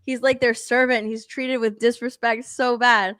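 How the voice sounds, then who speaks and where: A woman co-hosting a casual pop culture podcast, ranting about TV shows in an animated way, swearing freely and laughing as she talks. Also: on the high side, normal speed, no room sound, studio quality. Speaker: podcast co-host.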